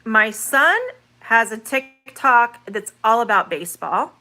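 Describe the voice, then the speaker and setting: A woman's voice: a little high, lively intonation, slow pace, pushed and bright, a little hiss or hum. A woman, an online English teacher, chatting through a live-stream Q&A, reading viewer comments aloud and carefully sounding out vowels.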